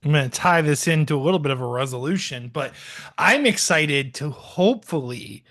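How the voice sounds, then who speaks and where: A man's voice: a little high, animated, moderate pace, fairly bright tone. A man co-hosting a podcast, talking in a laid-back, jokey way. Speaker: podcast co-host. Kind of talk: casual chat.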